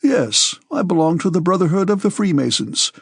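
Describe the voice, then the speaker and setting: A grave old Freemason, voiced by a male audiobook reader speaks slowly and loudly, each word weighed. The voice sits higher than the reader's own and has a husky, breathy grain. The recording is dry and close. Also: big pitch swings, no room sound, full character voice. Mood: grave, paternal. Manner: deliberate, loud. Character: severe old male Freemason, calm and deliberate. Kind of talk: audiobook character reading.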